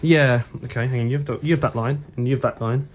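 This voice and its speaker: Rambling radio host. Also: male voice, mid-range voice, fairly even intonation, fast, a little hiss or hum. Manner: rambling, restarts a lot. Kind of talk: comedy radio chat. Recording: music behind.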